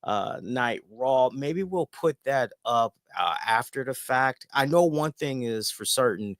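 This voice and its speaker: A man hosting a wrestling review show, chatting casually and telling stories in an animated way with lots of filler words. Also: mid-range voice, measured pace, no room sound, clean studio sound. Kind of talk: casual chat.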